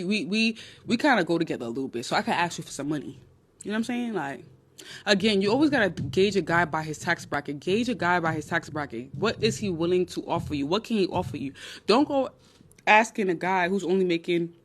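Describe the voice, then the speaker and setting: Blunt, animated woman with a New York accent. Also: lowish voice. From Nigerian, raised in New York. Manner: blunt, animated, crude humor. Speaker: dating advice livestream host. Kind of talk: casual livestream chat. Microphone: phone.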